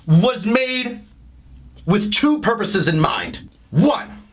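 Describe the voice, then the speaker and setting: A man's voice: very high-pitched, lively intonation, takes it slowly, a crowd in the background. A man giving a profane, sarcastic comedic rant as a video commentator.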